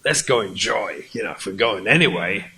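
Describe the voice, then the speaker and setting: A man's voice: on the low side, lively intonation, pushed and bright, slight background noise, pitched below the performer's own voice, rough recording. Man playing a grudging, defensive husband. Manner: grudging, defensive, quick to bristle. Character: grudging husband who wants steak.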